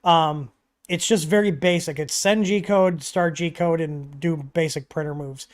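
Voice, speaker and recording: A man hosting a casual livestream Q&A, talking in a relaxed, chatty way with frequent ums and asides, from a home studio. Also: fairly high pitch, a little slow. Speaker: livestream host answering 3D printer questions. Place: home studio with dogs nearby.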